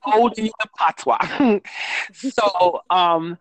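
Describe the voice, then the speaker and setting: A woman's voice: mid-range voice, very slow, dry recording. Rambling woman author, dry close sound. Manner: rambling, frequent ums and self-corrections. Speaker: children's book author, guest. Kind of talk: casual interview talk.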